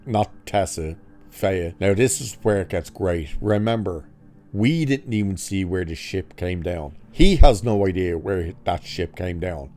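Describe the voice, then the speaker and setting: Sarcastic man recapping a movie, low and mellow. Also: expressive, measured pace. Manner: sarcastic, swearing, mocks scenes with exaggerated quotes. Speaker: movie reviewer. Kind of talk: casual spoiler review recap.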